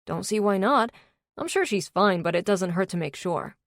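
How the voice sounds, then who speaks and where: A woman narrator voicing a calm, matter-of-fact biker man in an audiobook. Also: mid-range voice, moderate pace, no echo, clean studio sound, close to an everyday voice.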